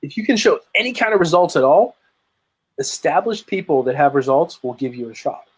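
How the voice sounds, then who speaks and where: A man talking on a video call as a guest, his voice fairly high and husky. He tells his story with energy and emphasis and often restarts his sentences. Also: lively intonation, fairly quick, low-quality recording. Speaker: guest, lead generation marketer. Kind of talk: casual interview chat.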